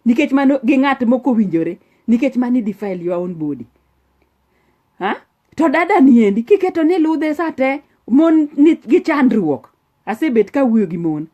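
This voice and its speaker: A woman's voice: sits high, sing-song, moderate pace, warm tone, dull audio. A woman preaching a sermon, earnest and scolding, switching into English often.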